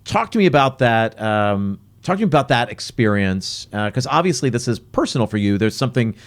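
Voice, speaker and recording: A man hosting a restaurant podcast in a casual, chatty way, asking his guest questions and sometimes talking in quick bursts. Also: medium pitch, very animated. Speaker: podcast host. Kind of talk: casual interview talk.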